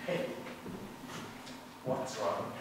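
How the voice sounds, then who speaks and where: An amateur actor playing a smooth-talking, flirtatious Hollywood producer in a live stage play, recorded from far off in a hall. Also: male voice, drawn-out words, noisy background. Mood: charming. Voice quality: wheedling, charming, eager. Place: theatre stage.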